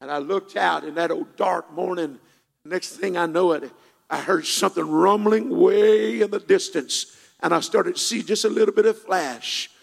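A man preaching a sermon as pastor of a church, moving between quiet storytelling and shouted, half-sung passages. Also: high voice, moderate pace, creaky. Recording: long reverb of a church hall.

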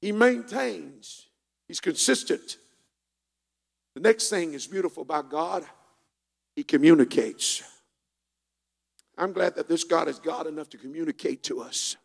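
A man preaching a sermon as pastor of a church, moving between quiet storytelling and shouted, half-sung passages. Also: fairly high pitch, gravelly. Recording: long reverb of a church hall.

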